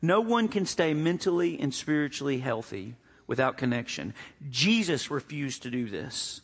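A man preaching a sermon as pastor, an animated storyteller who jokes and acts out the quotes. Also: mid-range voice, moderate pace, creaky, husky, long reverb tail.

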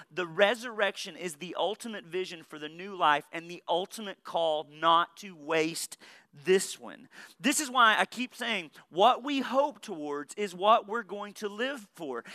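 A man's voice: high-pitched, pushed and bright, no room sound. A man in his thirties from Saline County in the United States, preaching a sermon with earnest points and humorous personal stories. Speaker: pastor.

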